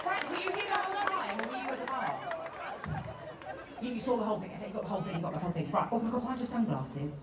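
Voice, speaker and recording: A woman's voice: a little high, animated, rapid-fire. A woman bantering cheekily with a crowd from the stage, swearing and laughing. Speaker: singer performing on stage. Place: large concert arena. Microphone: handheld stage mic via PA. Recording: crowd phone video, distant and echoey, loud crowd. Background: loud roaring crowd.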